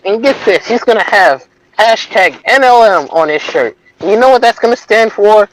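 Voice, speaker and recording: A man on a podcast panel, wry and joking, turning serious points into gags. His voice is somewhat high for a man. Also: animated, normal speed, a bit bright, slight background noise, low-quality recording. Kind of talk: casual chat.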